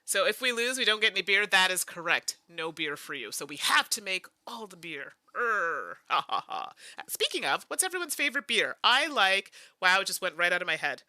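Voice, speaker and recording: Canadian lady playing a board game solo, bright lively voice, thinks out loud, dry close sound. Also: mid-range voice, normal speed, hardly any pauses, no room sound. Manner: thinks aloud while playing, chatty asides to viewers. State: tired. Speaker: host.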